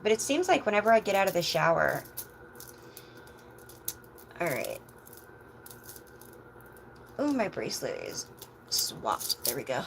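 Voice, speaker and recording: A woman chatting casually on a livestream as a tarot reader, meandering with soft asides. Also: on the low side, wildly swooping pitch, a little slow, gravelly, long pauses, a little hiss or hum, poor audio.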